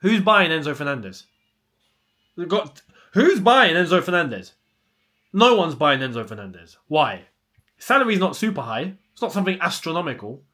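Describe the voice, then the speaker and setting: A man's voice: on the high side, sing-song, normal speed, long pauses, pushed and bright. A young man, hosting a casual football chat and ranting with plenty of rhetorical questions. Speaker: football channel host.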